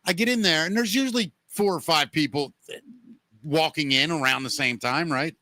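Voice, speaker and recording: A man's voice: a little high, moderate pace, bright, forceful tone, dry recording. A man hosting a podcast, telling a rambling everyday story in a casual chat, with plenty of "you know" fillers. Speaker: podcast host.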